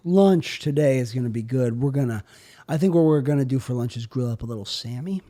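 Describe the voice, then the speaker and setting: A young man hosting a solo podcast, riffing on absurd bits in a rambling, offhand way. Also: a little fast. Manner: absurd deadpan riffing, drifting in pitch and loudness. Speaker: podcast host.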